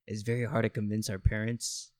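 A man's voice: fairly low pitch, little pitch movement, fairly quick, darkish tone, no echo, clean studio sound. A young man from the US, born to Mexican parents, chatting in a laid-back, hesitant way. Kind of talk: casual chat.

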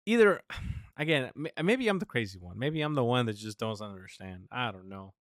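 A man's voice: mid-range voice, moderate pace, no echo, studio quality. A man from the United States hosting a podcast, ranting in casual talk, swearing and restarting often. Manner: animated ranting, swears a lot, many restarts. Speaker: podcast host.

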